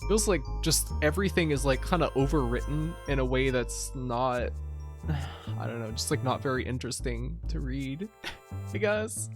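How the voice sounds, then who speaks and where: A woman's voice: rumbling low, moderate pace. A woman streamer giving hesitant, filler-heavy commentary on a game. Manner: flat, hesitant, full of fillers. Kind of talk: let's play commentary. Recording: game music playing behind.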